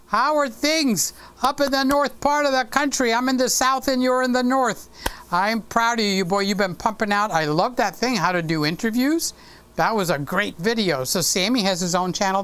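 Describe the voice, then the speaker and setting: A man's voice: high-pitched, fairly bright tone, clean tone. A man hosting a casual live stream with a sore throat, chatty and teasing, talking into a desk microphone. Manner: chatty, teasing and affectionate with viewers.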